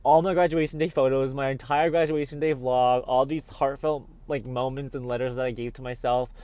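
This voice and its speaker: A man's voice: medium pitch, fairly even intonation, a little fast, mellow, a little hiss or hum. A young man vlogging, telling a dramatic story in a chatty way and calling the listener "babes" often. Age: young adult. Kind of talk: casual storytelling vlog.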